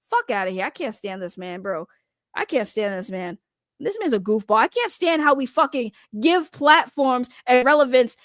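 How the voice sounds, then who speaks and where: A woman's voice: fairly high pitch, dry recording, clean studio sound. A woman giving heated, profane reaction commentary as a vlogger, repeating her angry points. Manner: heated, profane, repetitive ranting.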